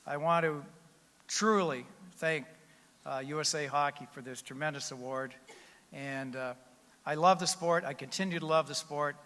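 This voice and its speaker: A man's voice: fairly high pitch, a bit bright. Older man giving a folksy speech in an echoing hall. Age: 70s. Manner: folksy, conversational storyteller. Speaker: retired hockey coach, inductee. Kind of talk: acceptance speech. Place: large banquet hall. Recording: long reverb of a large hall.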